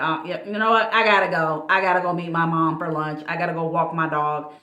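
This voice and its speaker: A woman life coach chatting casually in an advice vlog, speaking in a lively, animated way. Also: deep voice. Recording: echoey room.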